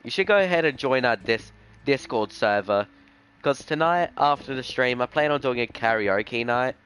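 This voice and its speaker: A man's voice: mid-range voice, lively intonation, normal speed, a bit bright, clean tone. A young man live-streaming a game, chatting casually and rambling in slang, often tossing in "bro". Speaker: gaming streamer. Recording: faint music behind the voice.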